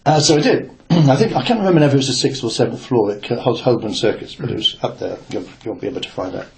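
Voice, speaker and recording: A man's voice: medium pitch, fast talker, gravelly. An older man, a former newspaper reporter, recounting a workplace memory in a rambling, hesitant way with many fillers and restarts. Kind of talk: reflective oral history storytelling.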